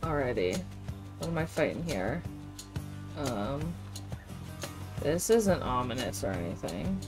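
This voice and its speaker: A woman streaming a game from home, reacting aloud in casual, expressive commentary full of exclamations. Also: extremely low pitch, takes it slowly, music in the background. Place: home with webcam.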